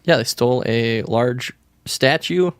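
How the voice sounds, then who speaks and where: A man's voice: mid-range voice, unhurried, clean tone, no room sound. A man co-hosting a podcast who brings up stories and drops dry asides. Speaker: podcast co-host. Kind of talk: casual chat.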